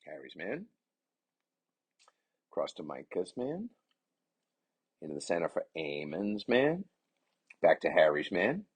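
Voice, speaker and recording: A man giving chatty, excitable play-by-play commentary on his son's game, with rambling asides. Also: sits low, unhurried, pauses often, husky. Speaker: parent commentator.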